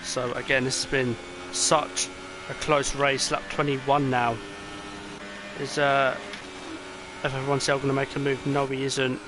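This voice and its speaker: A young man commentating an online racing game, excitable and rambling with many fillers, and tired. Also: mid-range voice, measured pace, long pauses. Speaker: race commentator. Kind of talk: esports race commentary. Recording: noisy, with game car sounds behind.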